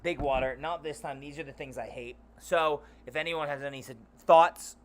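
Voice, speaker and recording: A young man hosting his channel, rambling loudly and animatedly in a casual monologue. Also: on the high side, steady tone, moderate pace. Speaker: channel host.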